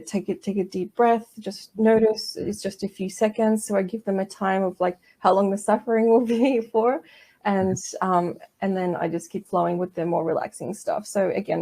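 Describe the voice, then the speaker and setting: A woman massage therapist as an interview guest, explaining her methods calmly and gently. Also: mid-range voice, vocal fry. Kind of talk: interview conversation.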